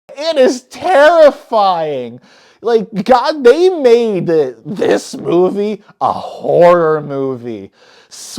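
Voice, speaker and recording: A woman giving a casual, spoiler-filled movie recap, excitable and swearing often, who breaks off her phrases mid-thought. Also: a little high. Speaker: movie reviewer.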